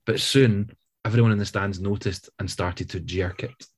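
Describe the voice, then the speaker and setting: A man co-hosting a podcast, reading crude fan fiction aloud in a deadpan way. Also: lowish voice, moderate pace, breathy edge. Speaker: podcast co-host.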